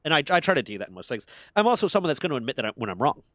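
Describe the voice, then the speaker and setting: A man's voice: medium pitch, big pitch swings, rapid-fire, fairly bright tone, no room sound. A man in casual chat, telling heated stories with plenty of swearing. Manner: profane, heated storytelling.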